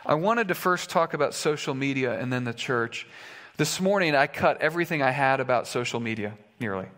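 A man's voice: mid-range voice, fairly bright tone, long reverb tail. A male pastor preaching a sermon in a conversational way, with fillers and restarts, in a church sanctuary.

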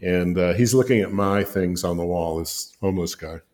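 Older male guest, deep-voiced raconteur, loose and chuckling with fillers. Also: moderate pace, a little mellow. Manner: rambling, chuckling, frequent fillers. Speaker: guest, designer and author. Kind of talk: anecdotal storytelling in conversation.

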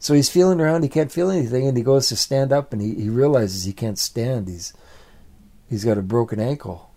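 A man's voice: medium pitch, brisk, mellow. A man telling a family story aloud in a plain, repetitive storytelling way. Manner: repetitive, building phrases. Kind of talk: oral storytelling.

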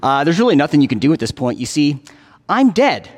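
A preacher voicing a calm, stubborn patient who insists he is dead, speaking matter-of-factly in a long reverberant hall. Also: a little high, fairly quick.

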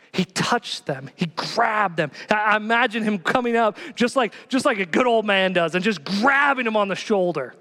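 A male pastor preaching passionately, swinging from hushed lines to loud exhortation. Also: very high voice. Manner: passionate, builds to shouting exhortations. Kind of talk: sermon. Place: church. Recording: long reverb of a church hall.

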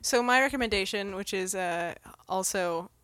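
A woman co-hosting a casual film podcast, talking in a halting way full of fillers. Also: mid-range voice, fairly bright tone. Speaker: podcast co-host.

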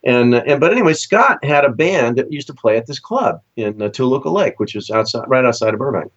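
Speaking briskly, an animated Southern Californian session musician shares casual stories as an interview guest. He performs quoted voices with big upward pitch leaps, all captured in dull, lo-fi audio.

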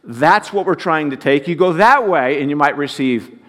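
A man's voice: fairly high pitch, lively intonation, normal speed, fairly bright tone, big-room sound. A man voicing a patient, matter-of-fact star quarterback setting a teammate straight. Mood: firm.

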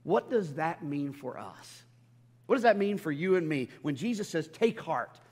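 Impassioned preacher in a reverberant hall. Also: male voice, a little high, big pitch swings, normal speed, slightly rough. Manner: impassioned, swings from loud to hushed; stammering restarts. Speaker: pastor. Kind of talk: sermon.

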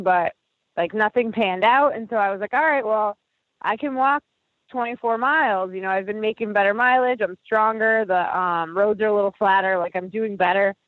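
A woman's voice: mid-range voice, no echo. A woman telling a rambling story about her walk in casual chat, full of fillers and acted-out quotes. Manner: chatty, heavy on fillers, acts out quoted voices. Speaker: podcast guest walking across the country. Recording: tinny phone-like line, dry.

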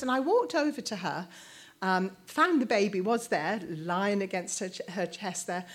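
A woman, sharing a personal story in a sermon, halting and emotional, with many restarts. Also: mid-range voice, expressive. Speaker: speaker at church.

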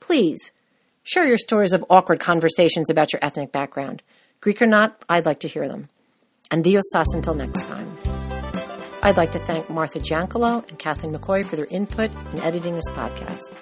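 A woman's voice: deep voice, moderate pace, music in the background. A woman from the United States hosting a podcast, reading a scripted personal story with wry, self-deprecating humor. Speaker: podcast host.

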